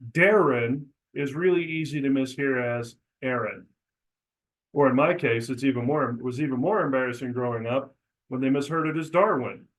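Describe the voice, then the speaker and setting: A middle-aged man, a real estate broker, teaching agents how to introduce themselves at the door, acting out sample lines as he goes. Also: low-quality recording. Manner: coaching, demonstrates scripts aloud with pitch changes. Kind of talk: instructional talk.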